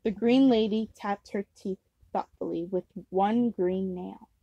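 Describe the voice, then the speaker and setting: A woman's voice: medium pitch, steady tone, measured pace, dark tone, slightly rough, no room sound, highs cut off. A woman reading a novel aloud at home, unpolished, with slips and restarts. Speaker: amateur reader.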